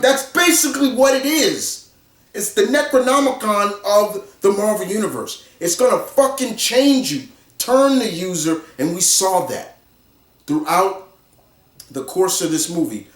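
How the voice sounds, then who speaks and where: Hyped guy rambling thru a movie review, kinda high voice, roomy echo, sits back from the mic. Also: far from the mic. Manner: excitable, repeats himself, acts out his own reactions. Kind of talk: casual spoken film review.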